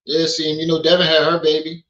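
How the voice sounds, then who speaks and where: A man's voice: a little high, completely flat delivery, brisk, fairly bright tone, highs cut off. A man hosting a casual livestream, joking and swearing as he talks to his chat. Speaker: livestream host. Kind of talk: casual commentary stream. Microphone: streaming mic.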